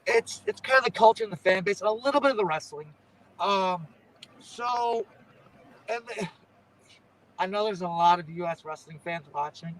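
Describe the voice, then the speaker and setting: High-voiced wrestler, rambling chat. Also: male voice, expressive, normal speed, pauses often, a bit bright, slight background noise, low-quality recording. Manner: rambling, says "you know what I'm saying" often. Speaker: pro wrestler, interview guest. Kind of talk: casual interview chat.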